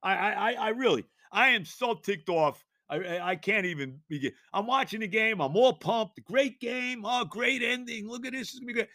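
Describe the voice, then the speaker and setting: A sports talk host ranting in exasperation, stumbling over repeated words and breaking into shouts. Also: male voice, high-pitched, normal speed, few pauses, no echo, studio quality. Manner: exasperated, ranting, stammering restarts, bursts of shouting.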